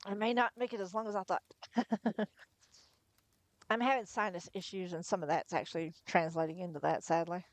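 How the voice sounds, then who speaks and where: A woman reading a novel aloud on a livestream in first person, chatty between chapters, her voice going hoarse. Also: on the low side, steady tone, normal speed, no echo. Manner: chatty, laughs between asides. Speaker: livestream storyteller.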